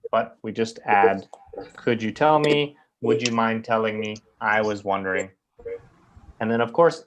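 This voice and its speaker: A man's voice: medium pitch, slight background noise. A man teaching an English grammar class, explaining patiently and checking often with "right?".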